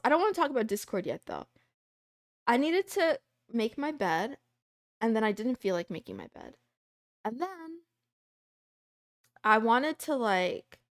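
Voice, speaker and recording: A woman's voice: fairly high pitch, fairly bright tone, no echo, studio quality. A young adult woman streamer chatting casually and playfully with her live chat, rambling from topic to topic. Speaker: VTuber streamer.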